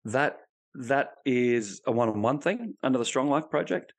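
A man's voice: mid-range voice, expressive, normal speed. A man, a coach, talking casually and bluntly in a podcast interview, swearing freely as he tells stories. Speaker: high performance coach.

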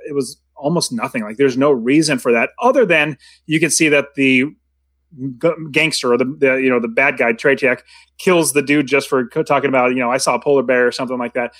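A man's voice: medium pitch, fairly bright tone, no room sound. A man co-hosting a casual movie discussion, talking in a rambling way with many restarts. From United States. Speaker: podcast co-host.

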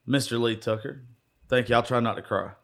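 A man's voice: medium pitch, a little fast, vocal fry, a bit bright. A man hosting a podcast in rowdy, profane, joking casual chat, sounding hungover after an all-nighter. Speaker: podcast host.

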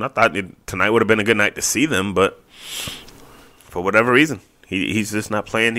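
Bright-voiced male sports podcast host. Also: low voice, fairly quick. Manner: animated, conversational, lots of fillers. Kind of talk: casual solo sports podcast.

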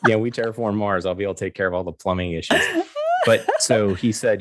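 A middle-aged man telling a story in a casual, animated way, acting out the dialogue and laughing often. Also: low-pitched, brisk, dry recording. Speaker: guest.

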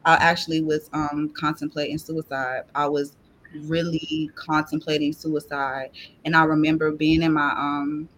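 A woman's voice: low voice, flat delivery, moderate pace, a bit bright, slight background noise. A woman guest on a podcast giving a personal faith testimony. She talks in an earnest, emotional way and fills her sentences with "like". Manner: earnest and emotional, heavy use of "like".

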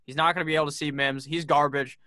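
Brash, bright-voiced young man. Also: on the high side, little pitch movement, fast, no echo, studio quality. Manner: profane, joking, brash. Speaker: podcast host. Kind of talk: casual sports podcast chat.

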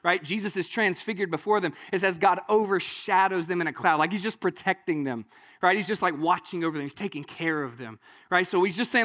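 High-voiced, animated man preaching. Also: a little fast. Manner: animated, conversational, often asks "right?". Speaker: pastor. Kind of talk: sermon.

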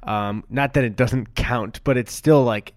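A man's voice: mid-range voice, unhurried, no echo, clean studio sound. A young man co-hosting a podcast in casual chat, rambling and giggly, swearing a lot. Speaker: podcast co-host.

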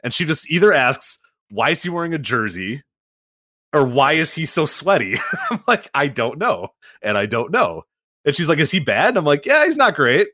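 A man's voice: fairly high pitch, sing-song, moderate pace, pushed and bright, no room sound, studio quality. A man co-hosting a wrestling podcast, riffing with frequent laughter in casual chat. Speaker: podcast co-host.

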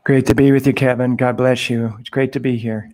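A man's voice: mid-range voice, flat delivery, brisk, darkish tone. A man, a priest, chatting and telling stories on a podcast, laughing as he goes. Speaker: priest guest. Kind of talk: casual podcast storytelling. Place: Guatemala, on a remote call.

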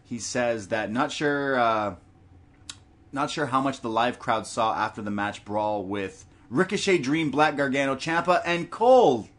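A man's voice: medium pitch, unhurried, fairly bright tone. Laid-back man reading listener messages. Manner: reads messages aloud, laughs often. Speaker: podcast co-host.

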